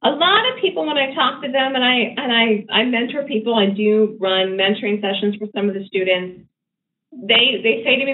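Woman teaching day trading live, quick emphatic chatty delivery, sounds like a tinny phone line with a little noise. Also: a little high. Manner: brisk, emphatic, conversational teaching with fillers like okay.

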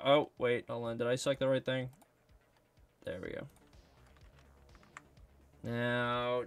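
A man's voice: medium pitch, huge pitch swings, slow pace, pauses often. A man casually talking to himself while he sculpts a 3D model, rambling and joking as he works. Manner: rambling, jokey, talks to himself. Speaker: 3D sculpting video creator. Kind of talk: casual self-talk while working.

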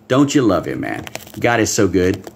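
A man preaching a livestream Bible-code sermon, excitable, swinging between hushed asides and loud exclamations and talking straight to his viewers. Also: deep voice, moderate pace, vocal fry, a little hiss or hum. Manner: talks directly to viewers, reads out comments. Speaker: pastor.

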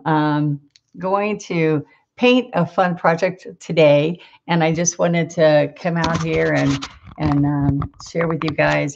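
Low, gravelly Southern woman chatting live. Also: lo-fi sound. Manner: chatty, greets viewers by name, laughs often. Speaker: painting instructor hosting a live stream. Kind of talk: casual live-stream chat.

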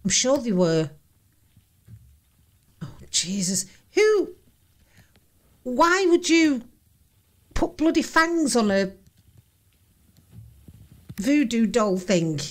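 A woman's voice: fairly high pitch, sing-song, takes it slowly, pauses often. A woman reacting to a ghost-hunting video, jumpy and exclaiming, swearing often.

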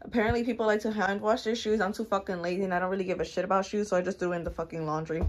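A woman's voice: medium pitch, racing, hardly any pauses. A young woman in her twenties talking through her day in a casual vlog, candid and full of slang and swearing. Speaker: vlogger.

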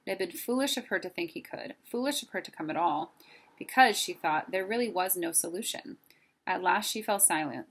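Teacher reading aloud: woman, steady pace, husky and gravelly. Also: fairly low pitch. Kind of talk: reading a novel chapter aloud.

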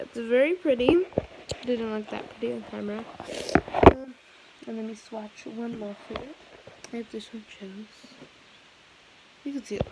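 A young woman in her teens chatting casually in a vlog at home, rambling with many fillers and restarts. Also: a little high. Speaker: vlogger. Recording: noisy home recording.

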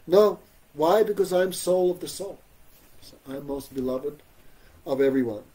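Soft-spoken man teaching a relaxed spiritual class. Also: a little high, a little slow, husky, poor audio. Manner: conversational, often asks "you know?"; gently humorous, laughs often. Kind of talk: informal religious class.

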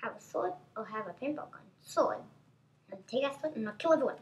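A woman giving excitable, chatty gameplay commentary as a gaming channel host, constantly exclaiming at what happens on screen. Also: high-pitched, moderate pace, noisy background.

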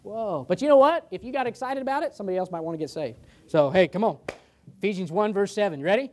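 A male pastor delivers a sermon in a Midwestern American accent. He preaches in a folksy way, cracking jokes and throwing in amens, and his voice climbs high when he gets fired up, then drops low for his asides. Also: lively intonation, fast talker, a little mellow.

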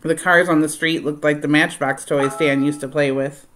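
A woman reading a children's adventure novel aloud in a steady storytelling voice. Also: moderate pace, a little hiss or hum. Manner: steady storytelling, voicing dialogue with raised pitch and volume. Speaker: reader of a novel.

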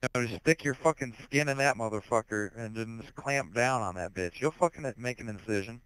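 A man's voice: medium pitch, brisk, smooth, dry recording, low-quality recording. Crude, foul-mouthed teenage boy on headset. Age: teens. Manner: crude, profane rambling with sudden shouted outbursts. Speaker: gamer in online voice chat. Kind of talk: casual voice chat.

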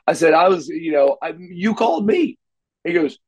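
A man telling wrestling stories in a casual interview, animated and acting out quotes, stumbling over repeated words. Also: a little high, brisk, slightly rough, rough recording. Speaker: wrestler guest.

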